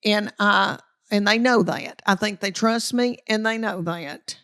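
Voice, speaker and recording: Middle-aged Southern comedienne, folksy storyteller, bit of vocal fry, mid-pitched. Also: female voice, a little slow. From Tennessee. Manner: folksy, animated, acts out family quotes. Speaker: comedian guest. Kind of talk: storytelling interview chat.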